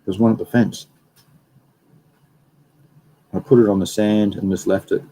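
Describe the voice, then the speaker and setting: A man's voice: lowish voice, fairly even intonation, measured pace, mellow, slight background noise, low-quality recording. A young man hosting a casual livestream, rambling and reading out viewer comments. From Australia. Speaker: livestream host.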